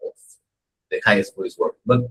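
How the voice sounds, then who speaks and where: A man's voice: a little fast, poor audio. A man giving a humorous, conversational lecture as a dharma teacher, telling stories and often checking in with "right?". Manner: animated, joking, conversational, frequent "right?".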